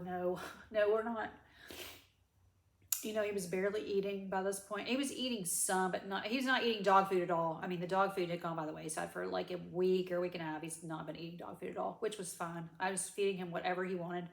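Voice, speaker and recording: Crying woman with a gravelly voice. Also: medium pitch, echoey room. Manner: rambling, self-correcting, Southern "y'all". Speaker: vlogger. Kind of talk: tearful personal update to camera.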